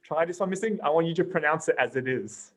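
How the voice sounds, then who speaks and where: A man's voice: a little high, fast talker, low-quality recording. A young man hosting a podcast, upbeat and playful as he prompts his guests. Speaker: podcast host. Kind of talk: casual chat, hosting.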